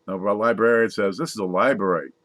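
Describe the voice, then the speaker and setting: A man's voice: lowish voice, steady tone, brisk, a bit bright, no room sound. A man casually reading jokes aloud, laughing at his own punchlines and adding wry asides. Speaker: comedy joke reader.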